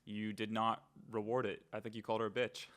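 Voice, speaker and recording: A man's voice: lowish voice, level tone, a little fast, a bit bright. A man hosting a podcast, asking questions in an easygoing way. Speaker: podcast host. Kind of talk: casual podcast interview.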